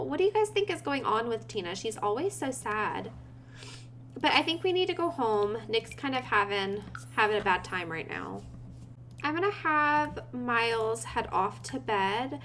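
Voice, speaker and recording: A woman's voice: on the high side, very animated, unhurried, fairly bright tone. A woman giving casual gameplay commentary, chatty and giggly, talking to her game characters and her viewers. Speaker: gaming video creator.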